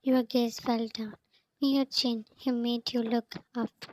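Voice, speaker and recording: A woman reading a fanfiction story aloud, announcing each speaker's name before their lines. She goes at an unhurried, slow pace in a fairly high voice. Her delivery stays level, with little rise and fall. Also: flat delivery, darkish tone, low-quality recording. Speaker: fanfiction reader.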